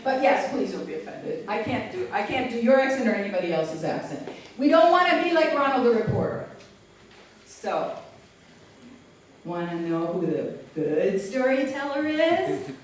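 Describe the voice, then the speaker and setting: A woman's voice: fairly high pitch, normal speed, slight background noise. A woman giving a live keynote speech to an audience, playful and chatty, often asking the room questions. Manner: animated, playful, chats with the audience. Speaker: keynote speaker. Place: large hall with an audience. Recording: echoey hall, mic far off.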